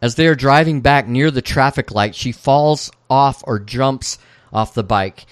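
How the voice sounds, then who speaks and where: A man's voice: expressive, unhurried, no room sound, studio quality. A man co-hosting a podcast, casually recapping scenes and reading out the characters' lines. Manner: recounts scenes, reading out quoted dialogue with raised pitch. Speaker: podcast co-host.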